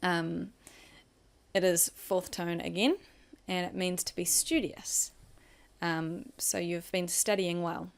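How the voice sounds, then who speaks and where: Slow, patient New woman teaching. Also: lowish voice, fairly even intonation, creaky. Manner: patient, explains slowly, models Mandarin tones. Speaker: Chinese language teacher. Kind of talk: recorded vocabulary lesson.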